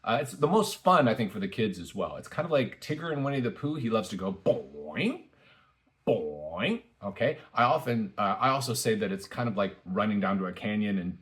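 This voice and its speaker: A man with a low-pitched but very lively voice teaches a beginner language lesson. His tone is bright and clear, patient and encouraging, with plenty of fillers and repetition. He leaps up high and loud whenever he models a sound. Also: fast talker, few pauses. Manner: jumps high and loud when modeling tones. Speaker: Mandarin teacher.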